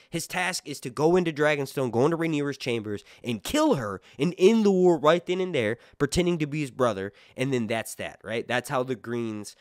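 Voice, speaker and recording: A man reviewing a show in loose, off-the-cuff commentary, his pitch swinging widely as he gets excited. He rambles with plenty of fillers and restarts. The sound is dry and close, with little room echo. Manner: rambling, many fillers and restarts, animated bursts.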